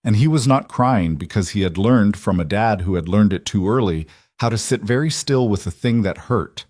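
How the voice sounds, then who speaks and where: A man reads a scripted story aloud in a measured, even storytelling manner. His voice sits low. The recording is close and dry with no room sound. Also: no room sound. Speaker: narrator. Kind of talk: scripted narration.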